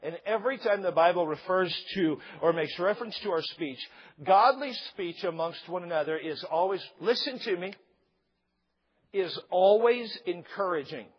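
A middle-aged male pastor preaching a sermon, animated and joking, acting out quotes along the way. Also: high-pitched, moderate pace, breathy edge. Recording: slightly dull lo-fi sound.

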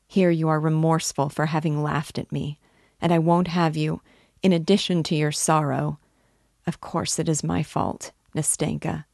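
A woman's voice: sits low, vocal fry, darkish tone, no room sound, clean studio sound. A woman reading a classic novel aloud, voicing its characters with emotion. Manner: slow, emotive reading of dialogue. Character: Nastenka, tearful young woman. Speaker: reader. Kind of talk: literary audiobook reading.

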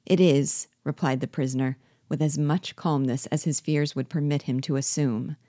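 Low-voiced woman reading a novel aloud. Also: dry recording, studio quality. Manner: measured, steady narration. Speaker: book reader and guide.

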